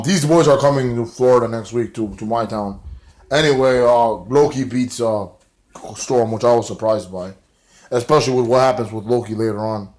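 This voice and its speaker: A man giving a casual, profane, slang-heavy recap of a television show. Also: mid-range voice. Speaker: show reviewer. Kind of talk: casual video review.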